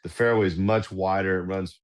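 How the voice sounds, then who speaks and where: A middle-aged man, a golf club director and podcast guest, telling anecdotes in casual, animated fashion. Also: sits low, fairly quick. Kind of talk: casual storytelling.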